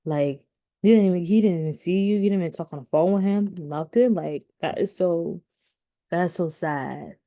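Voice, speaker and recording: A woman in her thirties gives rambling, casual commentary to her viewers, with frequent fillers and restarts. As a vlogger, she has a warm tone, a low-leaning voice, and a normal speaking speed.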